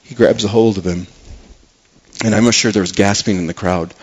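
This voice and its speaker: A man preaching a sermon as a pastor, earnest, repeating words for emphasis and dropping soft and low on key phrases. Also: steady tone, moderate pace, breathy edge.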